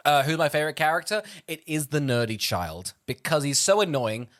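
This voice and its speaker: A man's voice: a little high, very animated, a little fast, a bit bright. A man co-hosting a comedy film podcast, spinning mock-serious theories with swearing and laughter. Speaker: podcast co-host. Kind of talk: comedic film-review banter.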